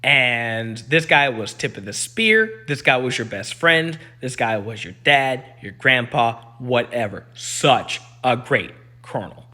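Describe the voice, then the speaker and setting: A young man, an Air Force veteran, casually telling a story in a playful, animated way. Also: a little slow, hardly any pauses. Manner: animated, playful, pitch jumps up for quoted voices.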